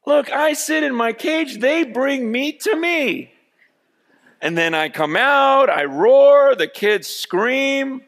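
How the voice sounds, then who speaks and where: A man voicing a smug male zoo lion who is content in his cage, in a high, drawn-out, self-satisfied way. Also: lively intonation, vocal fry, a bit bright, heavily acted.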